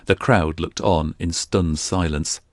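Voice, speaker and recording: Man, audiobook narrator, very low voice, steady storytelling, dry booth sound. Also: takes it slowly, dry recording. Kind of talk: scripted fantasy audiobook narration.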